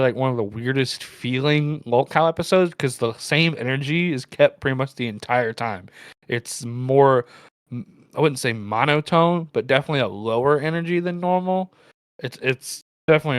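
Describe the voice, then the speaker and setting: A man chats through a casual commentary show, wandering through his points with lots of fillers and restarts. His voice sits at an ordinary pitch and comes across dry and close to the mic. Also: fairly quick, smooth, no room sound. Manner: loose, filler-heavy, rambling. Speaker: co-host.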